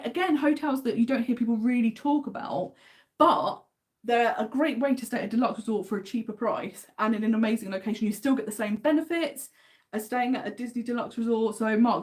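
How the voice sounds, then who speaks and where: Brief: English woman, livestream host, chatty and enthusiastic, slightly high voice. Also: a little mellow. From England. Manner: chatty, enthusiastic, reads out viewer comments. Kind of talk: casual livestream chat.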